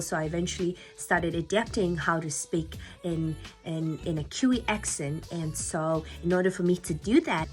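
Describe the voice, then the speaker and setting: A young woman from Nagaland, India, speaking with an Indian English accent, whose first language is Lotha, chatting to camera in an animated, jokey way as a vlogger. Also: fairly low pitch. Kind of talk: casual chat to camera.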